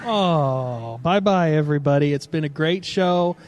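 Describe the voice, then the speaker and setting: A man's voice: fairly high pitch, measured pace, over loud music. A man hosting a late-night live stream, joking and addressing his audience, sounding tired. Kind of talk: casual live-stream chat.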